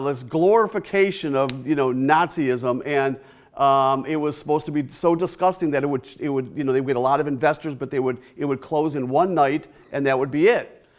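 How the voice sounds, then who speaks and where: A man presenting a casual, rambling talk to a library audience, chatty with restarts and small laughs. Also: a little high.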